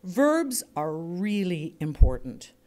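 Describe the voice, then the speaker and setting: A woman leading a speaking workshop for a group, chatty and demonstrative, often speeding up or slowing down to show a point. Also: on the low side, big pitch swings, darkish tone. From United States. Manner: chatty, demonstrative, shifts pace and inflection to illustrate points.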